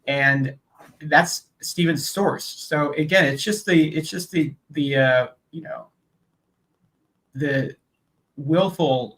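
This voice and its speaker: Bright-voiced man rambling in chat. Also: medium pitch, rough recording. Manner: rambling, restarts, agreeing. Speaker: co-host reacting to a documentary. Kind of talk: casual reaction chat.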